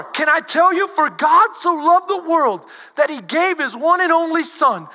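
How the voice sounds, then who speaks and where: High-pitched bright-voiced man preaching. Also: measured pace, big-room sound. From Texas. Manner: animated preaching, swings between loud emphasis and soft asides. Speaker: pastor. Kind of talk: sermon.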